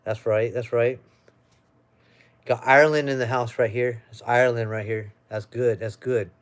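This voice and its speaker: A man's voice: medium pitch, fairly even intonation, normal speed. A young American man chatting casually on a live stream at home, reading out viewer comments in a loose, chatty way. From United States. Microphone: webcam or phone.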